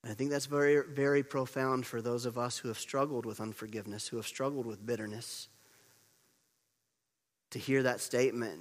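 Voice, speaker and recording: A man preaching a sermon as pastor, moving between loud urgent storytelling and quiet hushed emphasis, repeating words to drive points home. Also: medium pitch, steady tone, normal speed. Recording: long reverb of a large hall.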